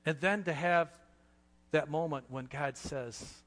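A man preaching a sermon with passion, dropping to a hush and then rising loud, in a church. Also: fairly high pitch, slow pace, in a large hall. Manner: impassioned, swings from hushed to loud. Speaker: pastor.

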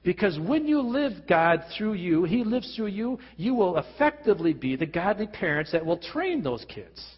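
Husky male pastor preaching in a reverberant hall. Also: sits high, big pitch swings, normal speed. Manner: earnest preaching with frequent restarts and rhetorical questions. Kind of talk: sermon. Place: church hall. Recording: lo-fi recording with long hall reverb.

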